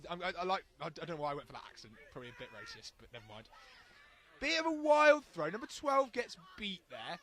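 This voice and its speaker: A man giving lively, jokey play-by-play commentary on a match. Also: a little high, quick pace. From United Kingdom. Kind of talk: live sports commentary.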